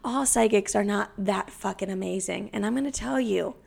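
Gravelly-voiced young woman telling a story. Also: mid-range voice, normal speed, a little mellow. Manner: profane, confessional, chatty with frequent "like" fillers. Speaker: podcast host and comedian. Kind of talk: casual storytelling.

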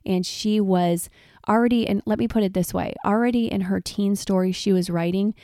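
A woman in her forties, chatty and laughing often, telling personal stories in a relaxed podcast monologue. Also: mid-range voice, normal speed, no room sound, clean studio sound. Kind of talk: casual personal storytelling.

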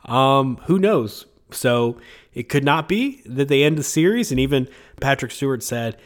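A man's voice: mid-range voice, animated, unhurried. A man hosting a podcast in casual chat, talking with a sick, congested voice and rambling with many fillers and chuckles. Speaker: podcast host.

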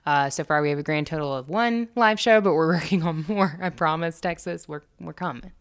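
A woman's voice: deep voice, brisk, smooth. A young American woman co-hosting a podcast, chatting casually with crude jokes and plenty of swearing. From United States. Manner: crude, joking, swears freely. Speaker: podcast co-host. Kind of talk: casual chat.

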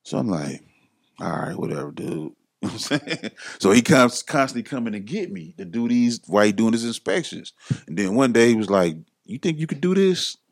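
A middle-aged man telling his story casually as a podcast guest, acting out other people's lines in a raised voice. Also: brisk. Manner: animated, acts out others' lines in a higher voice.

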